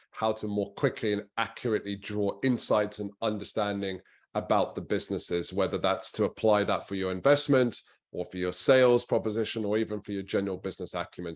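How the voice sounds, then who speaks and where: A man co-hosting a show, wrapping up in a conversational, slightly halting way. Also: lowish voice. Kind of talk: casual show outro.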